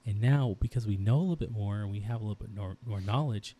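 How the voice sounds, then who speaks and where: Talking fast in a low, dark voice, a man in his thirties co-hosts a casual podcast. His talk about his daughters is intense and rambling, full of restarts.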